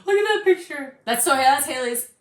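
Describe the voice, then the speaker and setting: A woman in her thirties talks through a reaction video, blunt and sarcastic, swearing freely. Her pitch swings widely as she reacts. The room gives her voice a noticeable echo. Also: animated, normal speed, crowd noise. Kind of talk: casual reaction commentary.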